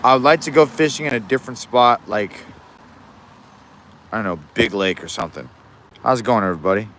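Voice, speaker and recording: This young Alaskan has a lowish, slightly bright voice and talks fairly quickly over a bit of background noise. He's casually chatting on a fishing livestream, filmed on a phone outside in the rain, wandering along with lots of restarts.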